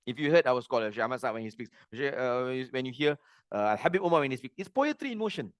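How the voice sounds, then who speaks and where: Animated middle-aged male religious teacher. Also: medium pitch, fast talker, no room sound, studio quality. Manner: animated, earnest, plain-spoken. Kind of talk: classroom religious lesson.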